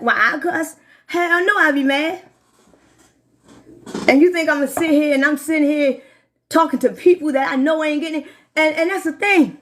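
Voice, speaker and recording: High-voiced woman ranting, full of swearing. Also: a bit bright. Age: 40s. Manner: heated, swears constantly, talks straight to viewers. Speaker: livestreamer. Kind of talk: profane live-stream rant.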